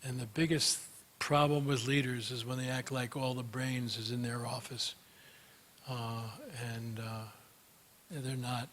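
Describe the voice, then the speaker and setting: A man's voice: mid-range voice, little pitch movement, a little slow, fairly bright tone, slight background noise. A man speaking as a guest at a gathering, answering audience questions in a chatty, storytelling way with many fillers. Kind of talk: conference Q&A talk.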